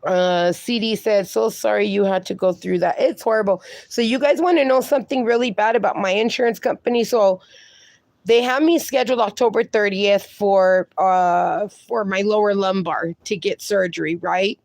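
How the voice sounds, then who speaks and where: A woman's voice: medium pitch, moderate pace, vocal fry, darkish tone, dry recording. A woman hosting a casual livestream, reading viewer comments aloud and chatting, swearing freely. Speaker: livestream host reading chat.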